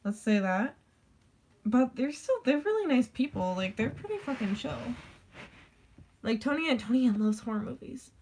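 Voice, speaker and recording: A woman's voice: on the high side, sing-song, normal speed, long pauses, darkish tone, slight background noise. A woman chatting casually in a vlog, rambling with lots of "like" and casual swearing. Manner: rambling, full of "like" fillers. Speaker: vlogger. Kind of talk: casual chat.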